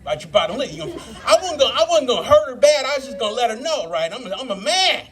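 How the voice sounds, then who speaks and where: A man's voice: very high-pitched, sing-song, fast. A man in his fifties doing a live stand-up set, telling profane stories and working the crowd. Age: 50s. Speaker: stand-up comedian. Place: live brew pub comedy show.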